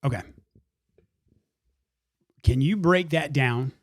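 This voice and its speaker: Speaking slowly in a fairly high voice, a podcast host gives a sincere introduction and moves into an interview with his guest, repeating words here and there as he sorts out his thoughts. The sound is clean studio quality with no room sound.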